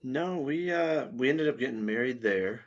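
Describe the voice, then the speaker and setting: A man's voice: mid-range voice, lively intonation, moderate pace. A man chatting as a podcast guest, blunt, opinionated and given to swearing. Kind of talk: casual podcast chat. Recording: dull lo-fi sound.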